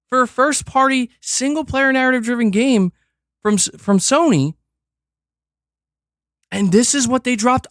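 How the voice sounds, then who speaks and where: A man's voice: very high-pitched, dry recording, studio quality. A man hosting a stream, ranting in a heated, profane and exasperated way. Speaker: streamer host.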